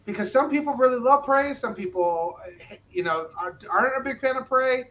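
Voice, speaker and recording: A man's voice: very high voice, animated, moderate pace, a bit bright, dull audio. A man co-hosting a live stream, chatting casually with frequent hesitant fillers.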